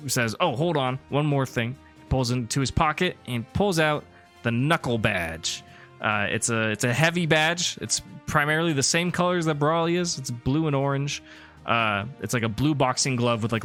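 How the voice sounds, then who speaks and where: A man narrating a tabletop role-playing game as the game master, in a relaxed, rambling way with many fillers. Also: medium pitch.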